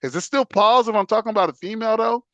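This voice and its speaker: Bright slangy man hosting a casual show. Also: high-pitched, fast, no echo, lo-fi sound. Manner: loose slangy talk, laughs, sings along. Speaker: host. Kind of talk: casual solo chat.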